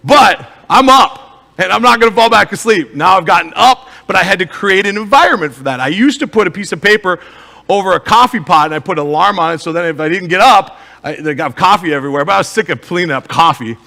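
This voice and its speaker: A man's voice: high voice, animated, fast talker, gravelly, pushed and bright, in a large hall. A man, a motivational speaker and life coach with an Upper Midwest American accent, giving an emphatic live talk to an audience and asking the crowd rhetorical questions. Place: stage in a hall.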